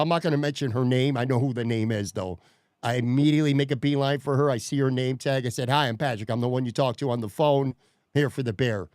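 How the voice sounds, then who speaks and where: A man's voice: on the high side, no echo, studio quality. A man hosting a podcast, telling a story in a profane, worked-up way. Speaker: podcast host. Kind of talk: casual podcast rant.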